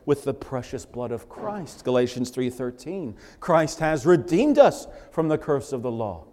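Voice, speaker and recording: A man's voice: mid-range voice, very animated, a little slow, darkish tone. A male pastor preaching a sermon, rising emphatically when he quotes scripture. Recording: long hall reverb.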